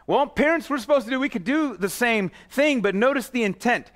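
A male pastor preaching a sermon in a casual, conversational way, speaking straight to parents and kids, often restarting phrases and dropping to a low, quiet voice for emphasis. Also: expressive, fairly quick, few pauses.

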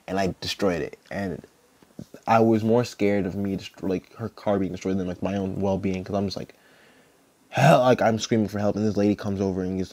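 A young man tells a personal story on his podcast, his voice sitting very low and the sound dry and close. He rambles and restarts, filling nearly every phrase with "like" and the odd curse. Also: darkish tone, dry recording. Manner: rambling, heavy use of "like", profane. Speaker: podcast host.

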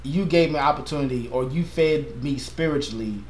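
Earnest passionate pastor in an echoey room. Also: male voice, medium pitch, moderate pace, a little hiss or hum. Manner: earnest, passionate, animated with playful asides. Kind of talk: casual chat.

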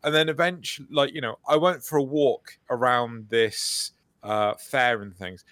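Guy cohosting a gaming podcast, tells stories with lots of energy, mid-pitched, dry sound. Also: moderate pace, dry recording. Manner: animated storyteller, acts out quotes. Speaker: podcast co-host. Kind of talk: casual chat.

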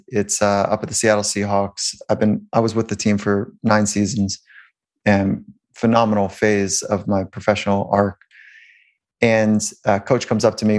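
A man, a sports psychologist, telling stories in an interview in a loose, rambling way with frequent restarts and chuckles. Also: lowish voice. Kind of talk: conversational interview storytelling.

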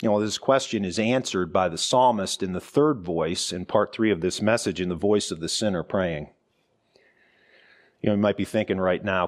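Pastor, middle-aged man, slightly low pitch; conversational sermon delivery, rhetorical questions, light humor. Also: normal speed. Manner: conversational preaching with rhetorical questions, frequent "right?".

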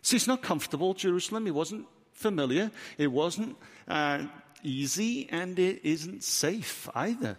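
A man's voice: high voice, lively intonation, a little slow. A man with a Welsh accent, preaching a sermon as pastor, emphatic and full of rhetorical questions. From Wales. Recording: reverberant hall.

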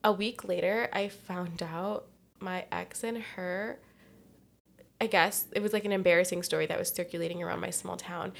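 A woman's voice: lowish voice, steady tone, normal speed, creaky. A woman in her twenties from California, a podcast co-host telling a personal story in casual chat, candid and profane, often laughing mid-sentence.

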